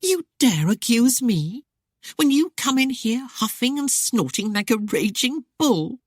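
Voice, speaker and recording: This is a spirited young noblewoman, voiced by a woman reading aloud, mocking and defiant in a period romance. The voice is husky and lively, with wide swings of pitch. The recording is close and dry. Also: measured pace, no room sound, exaggerated voice. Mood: defiant teasing. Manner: teasing and defiant. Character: spirited young woman, sharp-tongued and proud.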